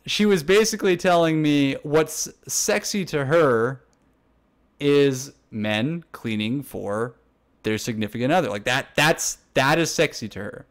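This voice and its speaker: A man's voice: medium pitch, expressive, unhurried. A young man co-hosting a casual chat, telling a story in a rambling, laughing way full of restarts. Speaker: podcast co-host.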